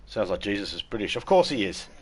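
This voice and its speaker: Lowish-voiced Australian man joking while gaming. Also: big pitch swings, quick pace, husky. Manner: joking, irreverent, swears freely. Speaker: streamer. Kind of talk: casual gameplay chat.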